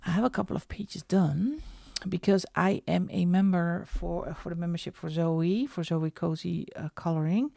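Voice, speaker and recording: A middle-aged woman hosting a coloring channel, chatting casually as she shows her books, with soft asides now and then. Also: lowish voice, vocal fry, no echo, clean studio sound. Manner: chatty, slow and unhurried, drops into soft asides. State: out of breath. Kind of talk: casual show-and-tell vlog.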